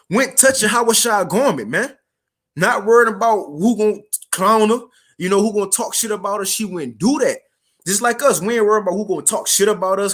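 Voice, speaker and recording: A man preaching a casual street sermon, reading scripture slowly and formally, then explaining it in slang and checking in with his listeners. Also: high voice, fairly bright tone.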